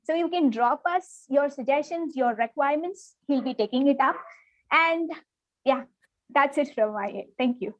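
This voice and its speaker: A woman's voice: high-pitched, moderate pace, no echo, dull audio. A woman speaking earnestly at an online club meeting, persuasive and repeating key phrases for emphasis. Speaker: club member promoting a workshop.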